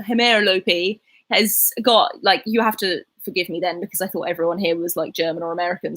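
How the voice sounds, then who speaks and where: A young woman in her twenties speaks with a soft, breathy voice and a Southern English RP accent. She rambles through a casual livestream chat, reading viewers' comments aloud and answering them as she goes. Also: mid-range voice. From England. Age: 20s. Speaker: livestreaming YouTuber.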